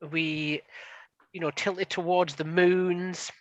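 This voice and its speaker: A man's voice: high-pitched, flat delivery, slow, no room sound, lo-fi sound. A man playing in a tabletop game, describing his character's ritual theatrically with stumbling restarts. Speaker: player.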